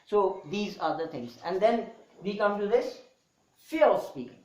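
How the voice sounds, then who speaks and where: A man's voice: sits high, animated, a little slow. A man with a Pakistani English accent teaching a spoken English lesson, raising and dropping his voice for emphasis. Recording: echoey room, dull lo-fi sound.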